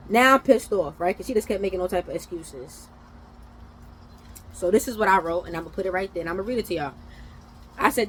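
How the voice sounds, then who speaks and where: A young woman from New York telling a casual storytime, animated, with loud outbursts and mumbled asides. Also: medium pitch, a little fast, long pauses, slight background noise, low-quality recording.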